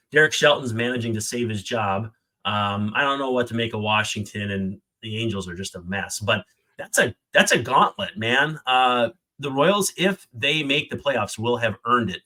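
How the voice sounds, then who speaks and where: A man's voice: lowish voice, animated, moderate pace, sharp tone. A man co-hosting a casual sports podcast, chatty and enthusiastic, cracking jokes as he talks. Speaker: podcast co-host.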